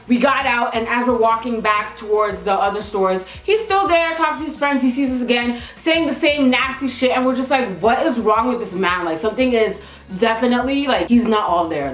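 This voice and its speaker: A young woman from Toronto tells a story to camera in a casual, slangy, emphatic way. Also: on the high side. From Toronto, Canada. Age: young adult. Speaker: vlogger. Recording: echoey room.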